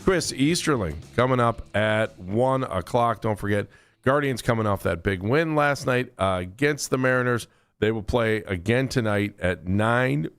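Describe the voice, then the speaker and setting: A man's voice: mid-range voice, normal speed, smooth, no echo. A man hosting a sports radio show in a studio, chatty and jokey, rambling through his lines and slipping into a big announcer voice. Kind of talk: casual sports radio chat. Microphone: studio microphone.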